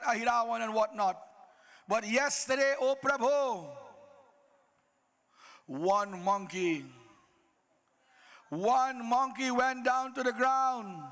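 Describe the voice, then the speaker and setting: A man's voice: very high voice, sharp tone, full character voice. A man voicing Vibhishan, a younger brother pleading earnestly and solemnly with his king. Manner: earnest, imploring, slow solemn delivery.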